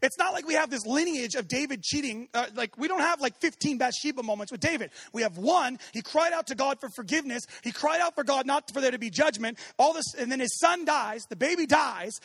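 A man preaching a sermon as pastor, animated, swinging from shouting to hushed tones and acting out quoted voices. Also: extremely high pitch, dry recording.

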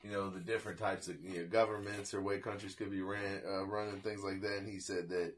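A man's voice: low voice, level tone, fairly quick, a little hiss or hum. A father chatting casually on a podcast, laid-back and mildly profane, often laughing. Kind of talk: casual chat.

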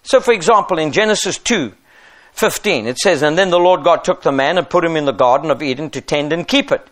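A man's voice: a little high, a little fast. A middle-aged man preaching a sermon as pastor, emphatic and driving his points home with rhetorical questions.

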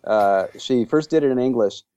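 A man's voice: medium pitch, moderate pace, mellow, clear, resonant tone, dry recording, muffled recording. A man guesting on a podcast interview, talking enthusiastically and rambling with lots of fillers. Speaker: interview guest, language creator. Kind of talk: casual interview chat.

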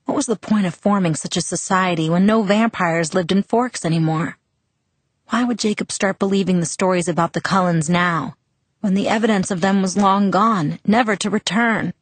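A woman reading a novel aloud in the first person, measured and expressive. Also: mid-range voice, no echo. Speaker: audiobook narrator.

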